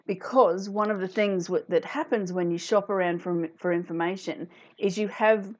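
A woman's voice: on the low side, normal speed, dull audio. A woman hosting a casual talk, chatting to viewers and reading out their comments. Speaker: host.

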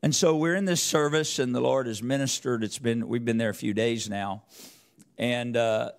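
A man's voice: normal speed, gravelly, clear, resonant tone. A middle-aged man preaching a sermon, telling a personal story with rambling restarts and rising intensity. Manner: rambling, restarts, rises in pitch and volume as the story builds.

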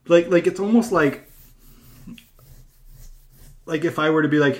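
A man from California hosting a casual podcast chat, rambling and animated with lots of fillers and restarts. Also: on the high side, a little slow, long pauses. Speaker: podcast host.

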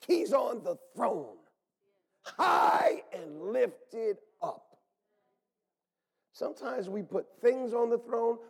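Male pastor, high husky voice, animated sermon delivery, loud then hushed. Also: big-room sound. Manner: animated, swings from loud calls to hushed whispers.

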